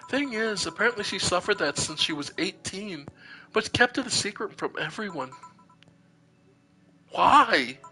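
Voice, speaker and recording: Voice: medium pitch, exaggerated voice, low-quality recording. A streamer voicing a weary woman bartender. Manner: quiet, hesitant, halting. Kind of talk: reading visual novel dialogue aloud.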